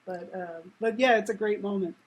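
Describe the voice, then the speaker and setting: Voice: medium pitch, normal speed, poor audio. A co-host chatting casually on a podcast, adding dry, wry remarks and laughing often. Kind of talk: casual chat.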